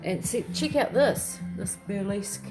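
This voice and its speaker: A woman's voice: mid-range voice, lively intonation, unhurried, over music. A middle-aged woman, chatting and rambling at home in a casual vlog, swearing now and then. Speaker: vlogger. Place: small home unit, kitchen.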